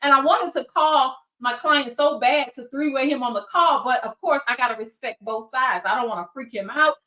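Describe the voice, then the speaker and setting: A woman with a somewhat high voice hosts her own show. She tells a story straight to the camera in a lively, direct way, talking to her viewers as if they were friends. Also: moderate pace. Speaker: searcher for biological families, show host. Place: lives in Georgia.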